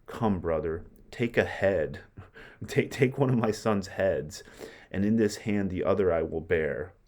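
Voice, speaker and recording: A grieving old Roman father swears bloody revenge in declaimed verse, as a man reads his lines aloud. The voice sits low and deep, slowing on the heaviest words. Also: a little mellow. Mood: grim.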